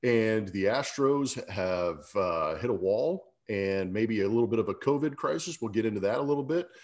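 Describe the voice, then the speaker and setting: A man's voice: on the low side, lively intonation, moderate pace, a little mellow. Easygoing man with a scratchy morning voice. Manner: laid-back, fillers and restarts, ad reads. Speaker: podcast host. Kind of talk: casual sports chat.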